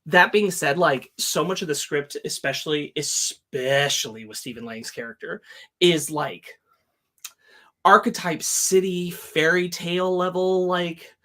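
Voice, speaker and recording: A man's voice: on the high side, a little slow, pushed and bright. A man co-hosting a podcast, discussing a film in a loose, rambling way with lots of fillers. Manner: rambling, many fillers and restarts. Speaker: podcast co-host.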